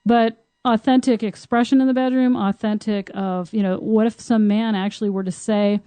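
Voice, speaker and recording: Woman chatting frankly on a podcast, laughs a lot, mellow warm voice, dry close sound. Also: medium pitch, normal speed, hardly any pauses, no room sound. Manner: frank and animated, laughs often. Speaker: podcast co-host, tantra teacher. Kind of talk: casual conversation.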